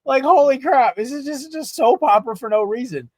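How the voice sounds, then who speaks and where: A man's voice: very high-pitched, brisk, no echo. A man appearing as a guest on a sports podcast, talking in a rambling, giggly way with lots of fillers. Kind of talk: casual sports talk.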